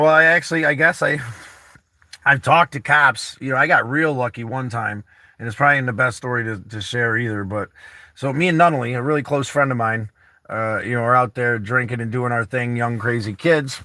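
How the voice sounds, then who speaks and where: A man's voice: medium pitch, bright, forceful tone, no echo. A man hosting a vlog, chatting casually with friends inside a camper van, rambling and candid, peppering his talk with "you know" and swearing. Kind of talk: casual chat.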